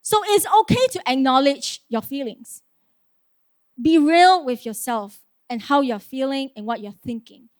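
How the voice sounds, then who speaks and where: A woman's voice: sits high, expressive, a little slow, smooth, no room sound, studio quality. A woman preaching a sermon in an earnest, conversational way, asking rhetorical questions and laughing lightly.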